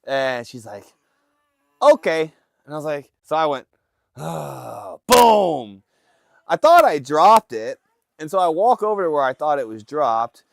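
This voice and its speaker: Speaking from a fishing boat, this Alaskan livestream host tells his chat a casual story, doing impressions of his relatives. His voice sits on the high side and is very animated, at a normal speed, captured on a phone livestream.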